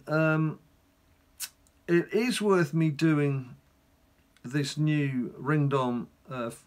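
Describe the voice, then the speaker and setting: A middle-aged man, casually commenting on his own gameplay in a rambling, chatty way with wry asides. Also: a little high. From England. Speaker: gaming channel host.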